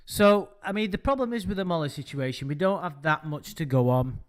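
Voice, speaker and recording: Amused rambling man, slightly high voice. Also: lively intonation, brisk. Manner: rambling, amused, swears casually. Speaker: podcast co-host. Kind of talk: casual chat.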